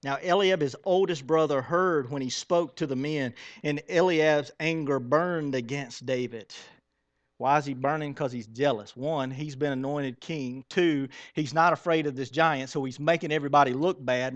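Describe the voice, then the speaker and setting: Animated pastor preaching a lively sermon. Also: male voice, fairly high pitch, moderate pace, dry recording. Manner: animated, talks straight to the congregation with questions; acts out Bible characters in quoted voices.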